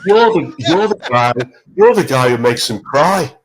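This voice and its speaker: An older man doing an impression of a friendly rock star, bright and eager as he spots someone he recognizes. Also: medium pitch, lively intonation, measured pace, a crowd in the background, lightly acted. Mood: chirpy.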